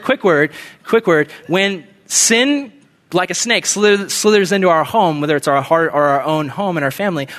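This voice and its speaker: Brief: young guy preacher, high voice, casual and animated, chatty slang. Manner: animated storytelling, conversational slang. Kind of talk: casual sermon.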